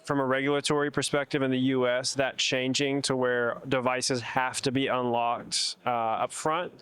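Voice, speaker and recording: A man's voice: mid-range voice, little pitch movement, normal speed, fairly bright tone, smooth. A man hosting an interview, thoughtful, asking long winding questions. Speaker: podcast host, interviewer. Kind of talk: conversational interview. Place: expo hall.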